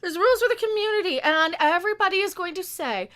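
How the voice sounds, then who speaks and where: Very high-pitched ranting woman streamer. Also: lively intonation, fast, a bit bright. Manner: ranting, sarcastic, talks back at the video; stumbles over words. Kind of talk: live stream reaction commentary.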